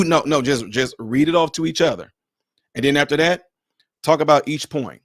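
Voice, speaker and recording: A man's voice: fairly high pitch, a little fast, dry recording, clean studio sound. A man, casually giving relationship advice on a podcast panel and acting out bits of dialogue as he tells stories. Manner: animated storyteller, acts out dialogue in other voices.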